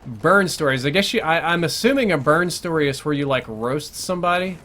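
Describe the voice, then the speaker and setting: A man's voice: fairly high pitch, expressive, a little fast, fairly bright tone, a little hiss or hum. A young man chatting casually while live-streaming a game, thinking aloud and answering viewers' questions between plays. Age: young adult. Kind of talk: live gameplay commentary chat.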